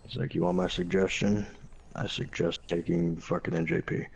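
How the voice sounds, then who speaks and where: A man's voice: low voice, sing-song, moderate pace, vocal fry, darkish tone, a little hiss or hum, low-quality recording. A young man, a former Marine, casually telling a profane, blunt story and quoting people along the way.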